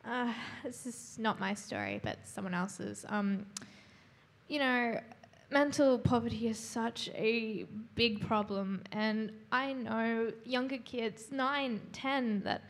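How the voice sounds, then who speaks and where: A woman with a fairly high voice talks haltingly, her words heartfelt. A strong gravelly fry runs through her speech. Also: expressive. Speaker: congregation member sharing. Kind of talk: casual sharing in a church talk.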